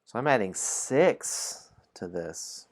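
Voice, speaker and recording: Speaking slowly in a lowish voice, this man streams a dice game and talks casually with his viewers. He reads out story passages in a relaxed way, often chuckling between lines.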